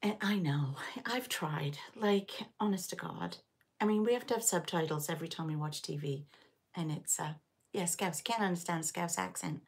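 A woman's voice: fairly low pitch, normal speed, breathy edge. A middle-aged woman from Liverpool hosting a casual live stitch-along chat, rambling and answering viewers as she goes. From England, Liverpool area. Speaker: knitting channel host. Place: home.

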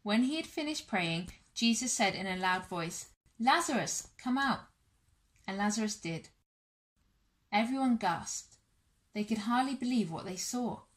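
A woman reading a Bible story aloud to children and families in a church all-age session, measured and warm. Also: medium pitch, animated.

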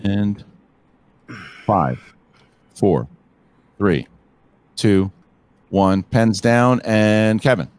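A man acting as quizmaster, reading trivia questions and counting down in a measured way. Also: on the low side, expressive, darkish tone, smooth.

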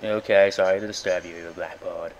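A man's voice: low voice, steady tone, fairly quick, dull audio, a little hiss or hum. A young man ranting in a rambling, exasperated way, swearing often while commenting on a game. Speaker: gaming video host. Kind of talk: casual rant over gameplay.

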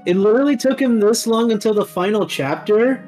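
Excitable gaming streamer, higher voice. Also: male voice, brisk, soft background music. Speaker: streamer playing the game. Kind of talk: casual gaming chat.

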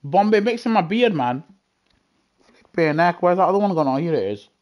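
A man chatting casually on a gaming live stream through a headset, effusive and excitable as he gushes at his viewers. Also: high voice, fairly quick. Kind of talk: casual live-stream chat while racing.

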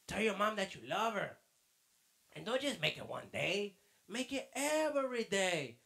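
Fatherly man teaching and quizzing kids, high bright voice with gravel. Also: lively intonation, a little slow. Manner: fatherly, calls the listener mijo. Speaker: children's church teacher. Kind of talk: children's lesson and quiz. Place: church.

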